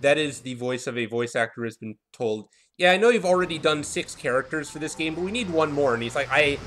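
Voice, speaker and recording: A man's voice: a little high, fast talker, fairly bright tone, slight background noise. A man giving casual commentary over a video game, rambling and losing his train of thought. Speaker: let's play commentator.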